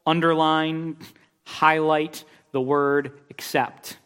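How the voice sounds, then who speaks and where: A man's voice: on the high side, level tone, takes it slowly, a bit bright, clean tone. A man preaching an expository sermon, emphatic, with rhetorical questions and repeated phrases. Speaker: pastor. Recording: long reverb of a large hall.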